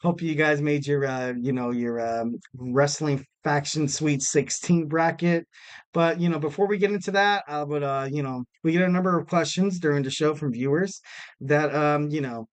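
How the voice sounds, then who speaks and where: A man's voice: a little high, moderate pace, clear, resonant tone. A man hosting a wrestling podcast alone, rambling casually with lots of fillers and self-mocking jokes. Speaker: podcast host. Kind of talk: casual solo podcast talk.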